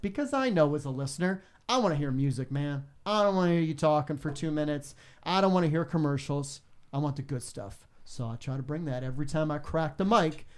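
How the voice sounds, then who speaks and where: A man who works as a radio DJ, telling stories in a casual interview and acting out callers with big jumps in his voice. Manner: animated, acts out callers with big pitch jumps.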